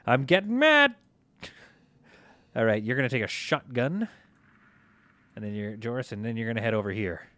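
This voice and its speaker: Excitable man streaming a game. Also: fairly low pitch, brisk, long pauses, dry recording. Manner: excitable, talks to himself and his crew while playing. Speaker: gaming streamer. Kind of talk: live gameplay commentary.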